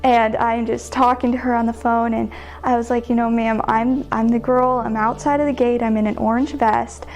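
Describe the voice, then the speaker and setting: A woman's voice: a little high, level tone, moderate pace, darkish tone. A young woman in an interview, telling a story casually and filling her speech with "like.". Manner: chatty, heavy use of "like" fillers. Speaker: sidewalk counselor guest.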